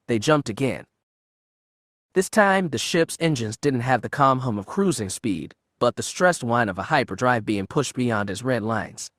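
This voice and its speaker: A man narrating a space-adventure story in an even, measured storytelling manner. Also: medium pitch, dry recording, clean studio sound. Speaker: audiobook narrator. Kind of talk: audiobook narration of fan fiction.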